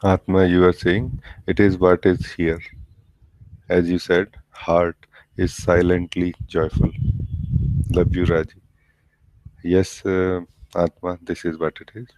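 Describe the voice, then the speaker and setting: Deep, even-voiced male spiritual teacher; slow, halting, gentle satsang delivery, dry video-call sound. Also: no room sound, poor audio. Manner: slow, gentle, halting, with many pauses and fillers. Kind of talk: satsang talk.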